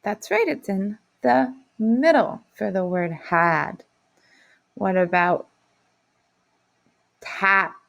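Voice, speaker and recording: In a phonics lesson for young kids, a woman's creaky, mid-range, fairly bright voice stays slow, patient and encouraging throughout.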